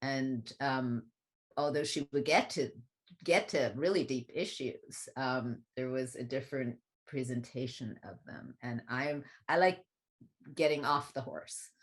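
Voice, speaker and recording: A woman with a notably low speaking voice talks through a personal memory in easy conversation. She is reflective and thoughtful, then turns lively whenever she quotes someone else. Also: a little slow. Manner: reflective, animated when quoting others. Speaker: guest speaker on spiritual teaching. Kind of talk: conversational storytelling.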